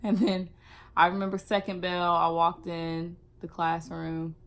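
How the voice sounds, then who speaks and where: A young woman vlogger telling a casual storytime, animated and acting out what people said. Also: on the low side, a little slow. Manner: animated, acts out quotes.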